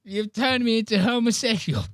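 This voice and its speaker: A man putting on a flustered, panicky Australian man with a mock accent, pitched up. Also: normal speed, background noise. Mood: panicked. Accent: Australian (put on).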